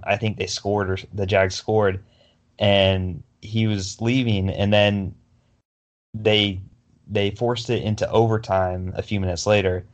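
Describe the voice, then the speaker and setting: A young man with a low voice co-hosts a casual sports podcast. He rambles through his stories, full of fillers and restarts. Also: muffled recording. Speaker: podcast co-host.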